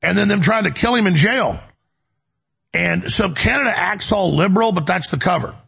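A man's voice: high voice, expressive, normal speed, fairly bright tone. A man hosting a talk show, delivering a heated, rambling monologue with emphatic repetition, from the United States. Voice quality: gravelly, raspy. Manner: emphatic, rambling, repeats words.

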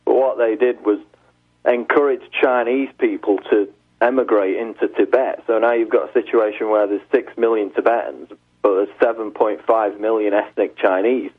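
A male radio guest calling in, earnest and explanatory, often circling back on his own words. His voice is low and husky. The phone line makes him thin and tinny. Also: fairly even intonation, normal speed. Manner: earnest, explaining, restarting phrases. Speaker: guest, journalist. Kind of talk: talk radio interview by phone.

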